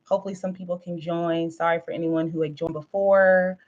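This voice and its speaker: A woman's voice: fairly low pitch, level tone, a little fast, darkish tone, dull audio. A woman hosting a live stream, chatting casually with viewers in a rambling way, with lots of fillers and frequent laughs. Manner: laughs often while talking.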